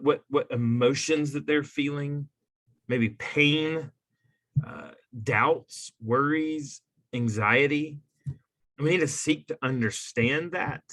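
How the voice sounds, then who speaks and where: Earnest man with a bright voice. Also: fairly high pitch, dry recording. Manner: earnest, thoughtful, repeats words when starting sentences. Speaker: podcast guest, adoptive parent. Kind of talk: reflective interview talk.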